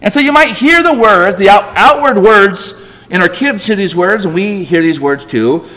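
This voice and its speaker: At a normal speed, this pastor's voice is expressive and emphatic, rising and falling sharply as he poses rhetorical questions. He preaches in a church sanctuary, with long hall reverb on the recording.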